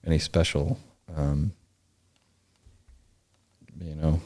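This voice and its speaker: Low, mellow-voiced man telling stories. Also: level tone. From Indianapolis, United States. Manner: rambling, halting, full of restarts and fillers. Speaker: podcast guest, former Navy SEAL and historian. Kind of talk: casual interview storytelling.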